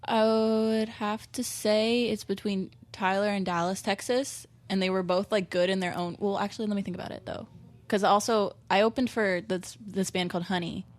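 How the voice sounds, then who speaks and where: A young woman, a guest musician, chatting on a podcast and telling stories in a giggly, animated way. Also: mid-range voice, moderate pace. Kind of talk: casual podcast chat. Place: podcast studio. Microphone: studio microphone.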